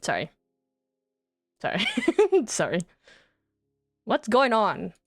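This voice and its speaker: A young woman chats on stream in an unhurried, lilting voice that swings high and low. She giggles often and drops casual swears between tender words. The sound is dry and close, with soft music underneath. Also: huge pitch swings, gravelly, dry recording. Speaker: VTuber streamer.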